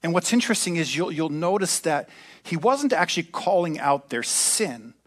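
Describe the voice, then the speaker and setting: A man's voice: on the high side, animated, moderate pace, fairly bright tone. Man preaching a casual, joking sermon. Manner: conversational preaching with joking asides. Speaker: pastor. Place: church service.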